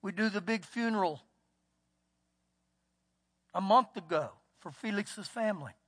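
Man, texas accent, pastor, folksy sermon, bright high voice, reverberant church hall. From United States. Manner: folksy storytelling, acts out quotes. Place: church sanctuary.

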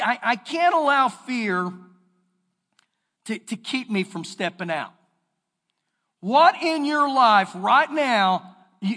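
A man with a Texan accent preaches in a high, ringing voice. He swings from conversational asides to emphatic, shouted exhortation. His sermon carries a long reverberant tail from a church sanctuary. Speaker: pastor.

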